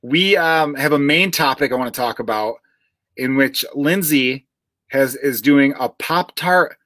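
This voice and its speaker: A man's voice: mid-range voice, unhurried, a bit bright, no echo. Chicago-accented male podcast host, thirties, loose and rambling, dry close mic. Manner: rambling, swears casually, restarts a lot. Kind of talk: casual comedy podcast chat.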